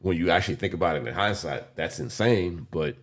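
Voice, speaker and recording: A man's voice: low-pitched, fairly quick. A man in his forties co-hosting a podcast, talking candidly and rambling with slang and the odd curse. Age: 40s. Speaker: podcast co-host. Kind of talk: casual chat.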